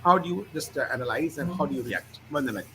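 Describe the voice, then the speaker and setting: A man's voice: fairly high pitch, animated, fast, fairly bright tone, slight background noise. A man hosting a political panel, speaking in broken phrases and calling on guests by name. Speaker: host and moderator.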